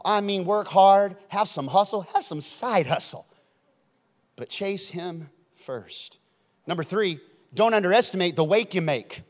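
Animated preaching man, echoing church hall. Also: sits high. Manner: animated preaching, shifting from loud emphatic to hushed. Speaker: pastor. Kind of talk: sermon. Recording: long hall reverb.

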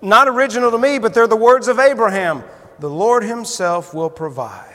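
A man's voice: high-pitched, expressive, moderate pace, bright, forceful tone. A man preaching a sermon, telling a folksy story and building to fervent emphasis. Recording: long hall reverb.

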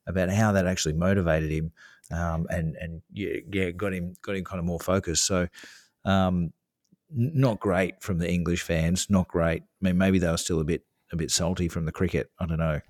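A man co-hosting a golf podcast over a call, relaxed and rambling and calling his co-host mate. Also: low voice, moderate pace, no echo, studio quality. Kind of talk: casual chat on a video call. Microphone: hardwired call with video off.

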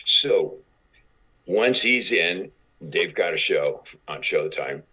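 A man with a very low, husky voice tells stories at a slow, halting pace, repeating himself and acting out what others said. The recording sounds dull and lo-fi. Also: expressive, bright, forceful tone. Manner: halting, repeats words, acts out quotes. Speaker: actor guest. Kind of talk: casual storytelling interview. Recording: dull lo-fi audio.

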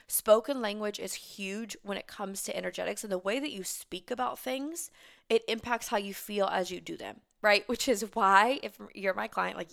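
A woman's voice: mid-range voice, vocal fry, fairly bright tone. A woman in her thirties hosting a casual solo podcast as a business coach, chatty and emphatic, swearing and laughing freely, heavily pregnant and short on sleep.

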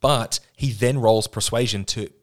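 A man's voice: medium pitch, a little slow. A man in casual podcast chat who talks with enthusiasm, explains things at length and swears freely.

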